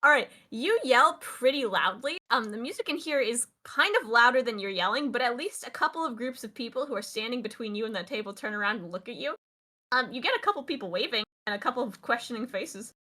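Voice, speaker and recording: Woman game master, bright and slightly high voice, loose filler-heavy narration. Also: animated, quick pace.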